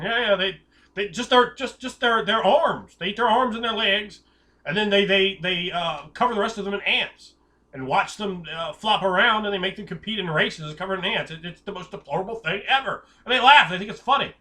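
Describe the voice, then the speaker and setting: A man giving tabletop game master advice in an excitable, hyperbolic way, rambling with restarts and jokey tangents. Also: sits high, brisk. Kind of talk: casual advice talk.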